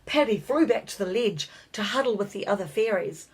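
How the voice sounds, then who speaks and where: A woman reading a children's storybook aloud, her voice breathy and soft-edged. Her pitch sits mid-range. She reads in a measured, expressive way. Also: rough recording. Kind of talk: scripted storybook narration.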